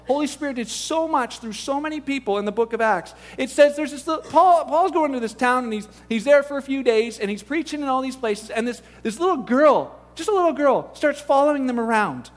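A middle-aged male pastor preaching a sermon in a conversational, animated way, acting out quoted voices. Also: extremely high pitch.

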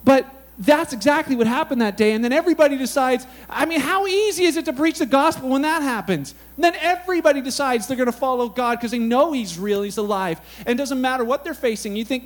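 A man preaching a sermon in a casual, animated, conversational way, telling Bible stories with lots of "like" and "you know". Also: very high-pitched, quick pace. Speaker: pastor.

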